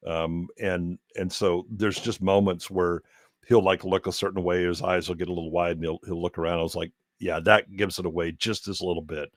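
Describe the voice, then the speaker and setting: A man's voice: deep voice, fairly even intonation, brisk, no room sound, studio quality. A man chatting casually as a guest, rambling with many restarts and fillers. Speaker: guest co-host. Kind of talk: casual podcast chat.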